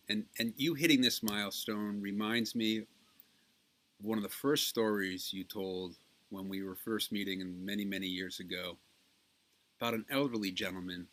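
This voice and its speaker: A man recording a birthday greeting who tells a story and pauses often with ums. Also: fairly low pitch, fairly even intonation, pushed and bright. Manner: storytelling, halting with many ums. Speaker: family member giving a birthday message.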